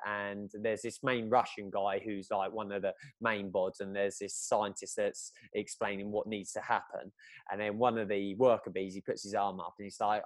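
A man chats casually, retelling a story in long rambling runs full of "uh" and restarts. His voice sits a little low, and the recording is close and dry with no room sound. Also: no room sound. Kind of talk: casual chat.

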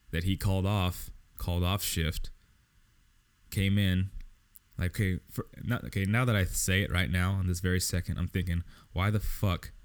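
A young man with a very low voice tells a story in a loose, profane rant. He swears constantly and sounds fed up, like he is venting to a friend. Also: clean tone. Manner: profane, exasperated, lots of swearing. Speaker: podcast host.

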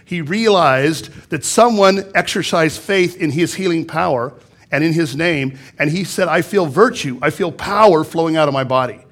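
Man, pastor, sermon, higher-pitched voice, reads scripture then explains, repeats for emphasis, church sanctuary. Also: normal speed, a bit bright.

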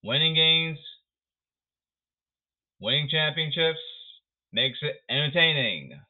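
A man rants about the game in a sarcastic, emphatic way, his voice swinging widely up and down. He talks slowly and a little high, and the sound is thin and tinny, like a phone line. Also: sing-song. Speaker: baseball commentator. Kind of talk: sarcastic baseball rant.

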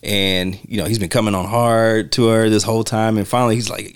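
Casting: man, lowish voice, relaxed film-podcast host, animated storyteller. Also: fast talker, hardly any pauses. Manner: animated retelling, acts out quotes. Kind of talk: casual film discussion.

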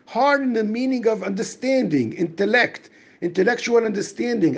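A man talks through the weekly Torah portion in a high, husky voice that swings up and down as he acts out the inner voices of the people in the verses. His tone has a gravelly edge. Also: normal speed. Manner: explains verses, mixes Hebrew terms into English, acts out inner voices. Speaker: rabbi giving a Torah talk.

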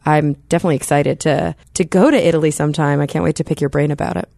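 A woman's voice: deep voice, fairly even intonation, very fast, gravelly, dark tone, no echo, studio quality. A woman on a podcast panel chatting with enthusiasm. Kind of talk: casual chat.

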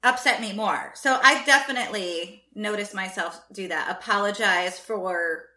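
A woman's voice: mid-range voice, moderate pace, pushed and bright. A woman speaking in an emphatic, heartfelt way in a casual group discussion. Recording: echoey room.

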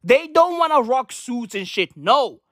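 A young man delivering a comedic rant, animated and slangy, swearing and repeating his punchlines. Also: very high-pitched, a little slow, dry recording, clean studio sound. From South Africa. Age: young adult.

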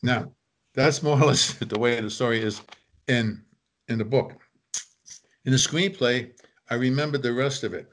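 An older man spins family anecdotes with gusto, slipping into quick voices for his relatives. His voice sits at an ordinary middle pitch. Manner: animated anecdote telling, acting out family quotes. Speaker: guest author. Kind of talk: casual storytelling.

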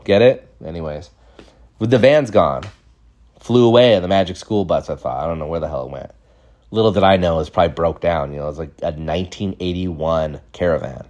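A man's voice: sits low, a little fast, darkish tone. A man in his thirties telling a casual, rambling, jokey story from his childhood, acting out bits of it. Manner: rambling, jokey, acts out voices. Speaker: podcast storyteller.

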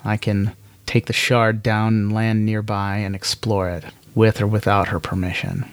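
A man's voice: on the low side, flat delivery, moderate pace, dry recording, natural voice. Guy doing an earnest lonely diplomat, a bit flustered, dry close sound.

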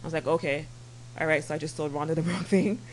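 A woman's voice: low-pitched, fairly even intonation, fast talker, slight background noise, low-quality recording. A woman hosting a podcast in casual chat, laughing easily between chatty remarks. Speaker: podcast host.

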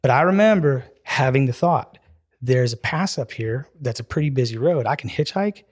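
A man's voice: medium pitch, moderate pace, husky. A man as a podcast guest telling a personal story in a casual, earnest way, acting out the dialogue with lots of "like" and "dude". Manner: animated storyteller who acts out dialogue with "I'm like" and "he's like"; earnest and emotional, with filler "like" and "dude".

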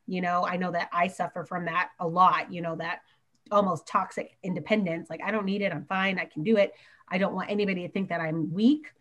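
A woman's voice: on the low side, steady tone, a little fast, a bit bright, muffled recording. A woman who works as a teacher, chatting earnestly on a podcast and talking in long run-on stretches. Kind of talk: casual podcast chat.

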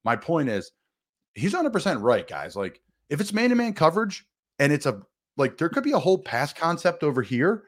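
Emphatic former football player on the radio. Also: male voice, very animated, fairly quick. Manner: emphatic, with big jumps in pitch. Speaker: guest, former NFL player. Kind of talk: casual sports radio talk.

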